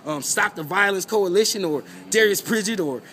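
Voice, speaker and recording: A man's voice: high voice, moderate pace, pushed and bright, a little hiss or hum. A man giving an emphatic, profane street rant, repeating himself and checking in with his listeners. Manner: emphatic, profane, repeats "you know what I'm saying". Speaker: host.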